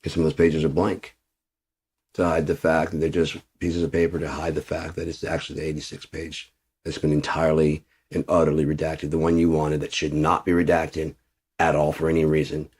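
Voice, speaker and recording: A man's voice: extremely low pitch, a little mellow, breathy edge. A man delivering a profane, ranting monologue straight to camera, swearing constantly and muttering asides under his breath. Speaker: vlogger.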